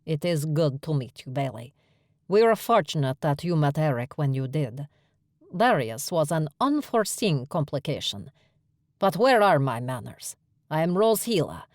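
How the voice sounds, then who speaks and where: A woman voicing a calm, dignified, motherly female cafe owner with a formal way of speaking. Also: sits low, normal speed, no room sound, studio quality. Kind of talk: audiobook character voice.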